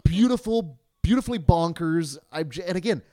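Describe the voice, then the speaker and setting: Man, rather high lively voice, enthusiastic casual film talk, dry mic. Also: normal speed, dry recording. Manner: enthusiastic, pitch swings widely. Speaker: podcast co-host.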